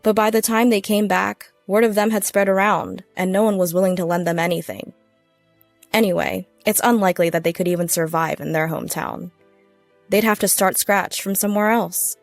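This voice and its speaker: A woman reading a first-person revenge story in steady, scripted narration. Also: medium pitch, moderate pace, creaky, no room sound, faint music behind.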